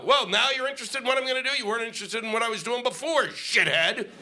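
A man ranting through a stand-up set, his pitch leaping up high and swinging wildly as he works himself up. The live recording carries clear noise from the room around him. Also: animated, fast talker, few pauses. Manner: profane, ranting, sarcastic. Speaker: stand-up comic. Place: live comedy venue with laughing audience.

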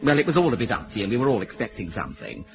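An actor playing a fussy, effusive, gossipy amateur theatre director in a sitcom. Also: male voice, on the low side, very animated, racing, gravelly, dull audio, over music. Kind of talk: sitcom acting.

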